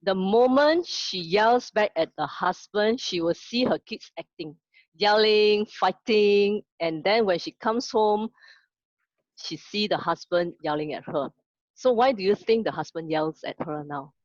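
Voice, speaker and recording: A woman's voice: mid-range voice, unhurried, no room sound, lo-fi sound. A woman teaching an online class. She asks the class questions, then tells a story to make her point. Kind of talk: online lesson told as a story.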